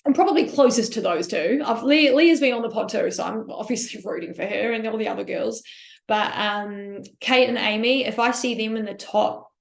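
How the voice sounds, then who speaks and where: A woman's voice: fairly high pitch, normal speed, vocal fry. A young woman with a New Zealand accent, hosting a casual solo podcast in a chatty, upbeat, rambling way. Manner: chatty, upbeat, rambling with many likes and ums. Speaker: podcast host. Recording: echoey room.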